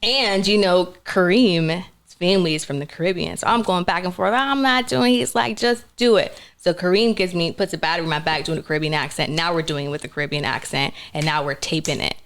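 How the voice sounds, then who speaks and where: A young actress telling a story in a casual interview, animated and laughing, acting out what others said. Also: female voice, on the low side, fast talker, hardly any pauses. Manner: animated, laughing storyteller who acts out quotes. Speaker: actress guest.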